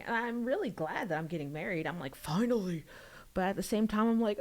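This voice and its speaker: A young woman chats casually with her livestream viewers about the book she wrote. She rambles and giggles, and her voice jumps up high when something excites her. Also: normal speed. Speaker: author streaming a book reading.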